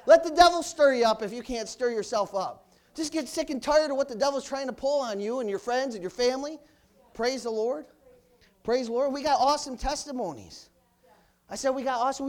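A male pastor preaching a loud, fiery sermon in church, punctuated with hallelujahs. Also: very high voice.

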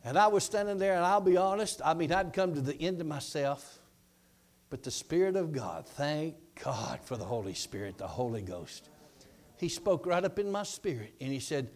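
A man preaching a testimony sermon, telling his story dramatically and shouting his declarations. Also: a little high, very animated, moderate pace.

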